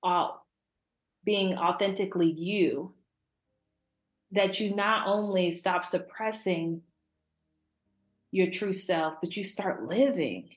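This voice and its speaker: A young adult woman, a podcast guest, talking casually and warmly about faith and laughing often. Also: fairly low pitch, slow, pauses often, reverberant. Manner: warm, chatty, laughs often.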